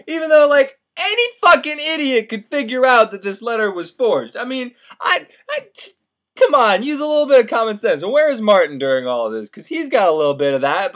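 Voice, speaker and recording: A man with a high-pitched, slightly bright voice casually retells a classic novel as comedy, rambling and profane, and jumps into silly voices for the characters.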